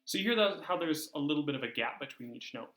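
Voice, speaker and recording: A man's voice: fairly high pitch, animated, fast talker, loud music behind the voice. A man teaching a video lesson to young orchestra students, talking in a friendly, conversational way with fillers and small restarts. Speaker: music teacher.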